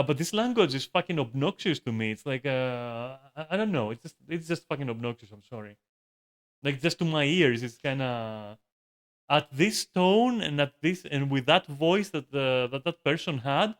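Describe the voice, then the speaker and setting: A man's voice: a little high, fairly bright tone. A man streaming from a room at home, ranting casually with lots of swearing, restarts and filler words. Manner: swears a lot, frequent restarts and filler likes. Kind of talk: casual rambling rant.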